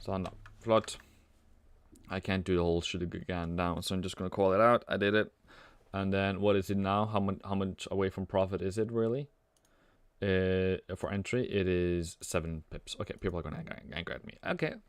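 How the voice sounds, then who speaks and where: A man's voice: low-pitched, fairly quick, smooth, no room sound. Young man, live-stream trader, loose jokey delivery, clean resonant tone, dry close mic. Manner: playful, rambling, sings and jokes between chart calls. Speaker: forex trading streamer. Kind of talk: casual live-stream commentary.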